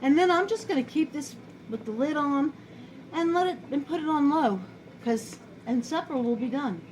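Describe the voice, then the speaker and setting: A middle-aged woman with a New York accent chats her way through a home-cooked dish in her kitchen, wandering off topic and joking at her own expense. Her voice sits a bit high. The home recording carries clear background noise. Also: lively intonation, moderate pace, darkish tone, low-quality recording. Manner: chatty, rambling, self-deprecating. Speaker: home cook vlogger. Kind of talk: casual cooking chat to camera.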